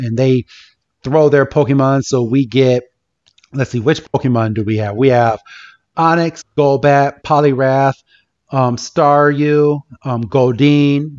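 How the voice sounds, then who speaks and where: A man's voice: medium pitch, fairly even intonation, measured pace, a little mellow, lo-fi sound. A man co-hosting a podcast, recapping a cartoon episode in a loose, chatty way, now and then swearing as he gets riled up. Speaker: podcast co-host.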